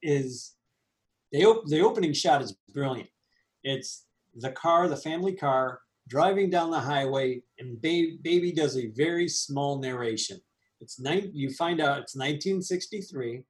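A man co-hosting a casual movie review chat, animated and laughing, with quick asides. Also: a little high. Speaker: podcast co-host.

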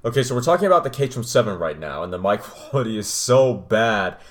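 Low-voiced man chatting on his podcast. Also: lively intonation, fast talker. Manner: rambling, chatty, reacts to his old recording. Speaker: podcast host. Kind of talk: casual solo podcast talk.

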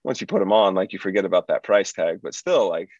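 A man's voice: low voice, animated, fast, darkish tone, lo-fi sound, a little hiss or hum. A man in casual podcast chat, talking in a laid-back, loose way with lots of "like". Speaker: podcast participant.

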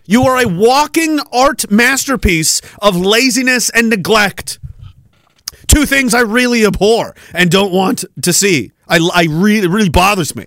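A man's voice: high voice, animated, measured pace, pushed and bright, no room sound. A man hosting a podcast, delivering a crude, profane, mocking rant. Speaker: podcast host. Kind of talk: ranting commentary.

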